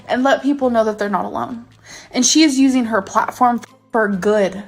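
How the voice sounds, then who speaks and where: A woman's voice: on the high side, normal speed, creaky, faint music behind. A woman in her thirties ranting angrily to camera in a vlog, swearing and stressing her words. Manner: angry, profane, emphatic rant. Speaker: YouTuber.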